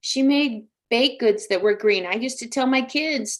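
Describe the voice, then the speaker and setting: A woman's voice: a little high, measured pace. A woman in her sixties hosting a live psychic talk show, chatty, emphatic and emotional. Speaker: psychic medium host.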